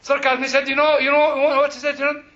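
A man teaching a Bible study class in an animated, joking way, quizzing his listeners. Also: extremely high pitch, quick pace. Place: classroom with a group. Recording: dull lo-fi recording.

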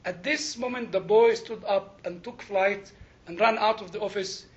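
An older man preaching a sermon, telling stories and jokes with animated emphasis and frequent laughter. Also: high voice, normal speed, highs cut off.

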